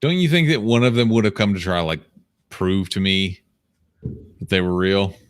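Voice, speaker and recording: Podcast co-host, male, low voice, dry close sound, profane and teasing. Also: normal speed, clear, resonant tone, no echo. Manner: profane, teasing, mock-tough. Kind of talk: casual podcast chat.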